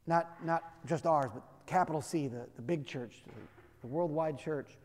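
A man's voice: on the high side, normal speed, darkish tone, in a large hall. A man preaching a sermon in a conversational, emphatic way, with self-deprecating humor. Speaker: pastor.

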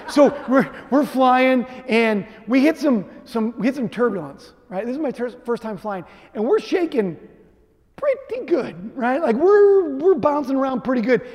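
A man preaching a sermon, telling a personal story in a lively way with frequent "right?" asides. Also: very high voice. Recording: echoey hall reverb.

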